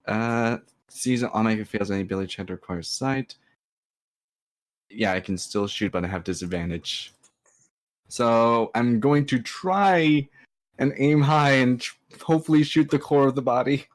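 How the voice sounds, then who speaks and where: A woman playing a tabletop role-playing game, talking haltingly with laughs. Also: a bass voice. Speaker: player.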